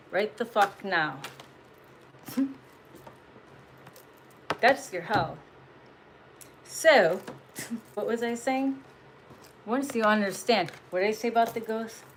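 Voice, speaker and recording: A woman's voice: mid-range voice, slow pace, long pauses, slight background noise, rough recording. A woman giving a casual spiritual message as a tarot reader, blunt and profane, laughing often and pressing her points with emphasis.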